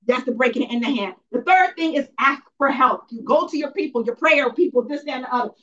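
A woman's voice: high-pitched, fast, fairly bright tone. A woman giving a spirited church testimony, emphatic and repetitive in a preacherly way, heard from a distance. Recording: distant, dull lo-fi sound.

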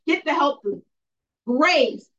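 A woman's voice: high voice, expressive, slow pace, bright, forceful tone. A woman giving a spirited church testimony, emphatic and repetitive in a preacherly way, heard from a distance. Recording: distant, dull lo-fi sound.

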